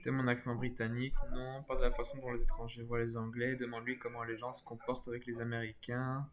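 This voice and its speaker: A man streams a video game live, his voice sitting in the middle range. He reads out each option with a joking tone and tosses in quick asides between them. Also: mid-range voice, monotone, a crowd in the background.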